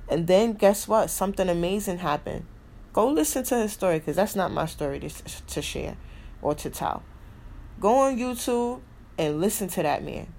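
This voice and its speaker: Emphatic lower-voiced woman podcaster. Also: a little mellow. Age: adult with a son. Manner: emphatic, repeats key phrases, swears freely. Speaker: podcast host. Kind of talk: casual motivational monologue.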